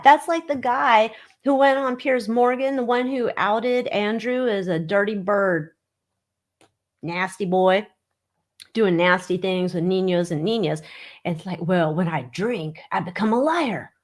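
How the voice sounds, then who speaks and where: Sarcastic gossiping woman on webcam. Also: fairly high pitch. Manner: sarcastic, mocking, gossipy with big exclamations. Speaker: livestream host reading tarot on tabloid stories. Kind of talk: casual gossip livestream chat.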